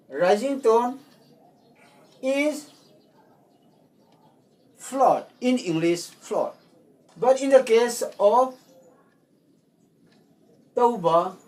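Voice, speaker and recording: A man teaching a language lesson, slowly repeating words and explaining their tones. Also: high-pitched, darkish tone, recorded from a distance, rough recording. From Manipur, India.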